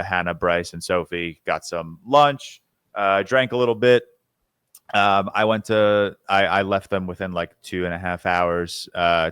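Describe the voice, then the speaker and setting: A man's voice: low voice, a bit bright, smooth, no room sound. A young man co-hosting a podcast, talking casually in a rambling way, full of ums and restarts. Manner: rambling, filler-heavy, restarts often. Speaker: podcast co-host. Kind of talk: casual chat.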